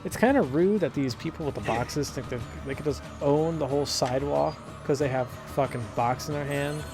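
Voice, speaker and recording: Young man, gravelly, fairly high voice, swearing and rambling through gameplay commentary. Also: brisk, over music. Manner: profane, rambling, laughing often. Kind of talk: casual let's-play commentary.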